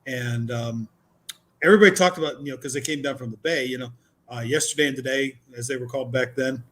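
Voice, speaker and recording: A man chatting casually with friends. His delivery is easygoing and unhurried, full of "you know" and "like" as he recalls things. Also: mid-range voice. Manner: relaxed, conversational, lots of "you know" and "like". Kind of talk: casual chat.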